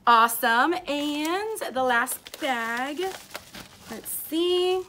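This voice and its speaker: A young woman with a high, bright voice gushes through an unboxing in a casual vlog. She is excitable and leans on "like" and "oh my gosh.". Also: moderate pace, a little hiss or hum. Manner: gushing, excitable, says like a lot. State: tearful, emotional. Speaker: teacher vlogger.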